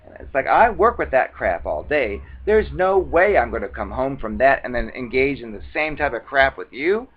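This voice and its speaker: A man's voice: medium pitch, sing-song, moderate pace, few pauses. A man giving advice in a casual talking-head monologue, speaking conversationally and acting out the retorts he quotes. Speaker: advice vlogger. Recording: dull lo-fi recording.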